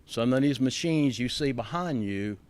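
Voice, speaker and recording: A man's voice: mid-range voice, animated, normal speed, darkish tone. A man giving a folksy, emphatic public speech at a college facility opening, telling stories and thanking people.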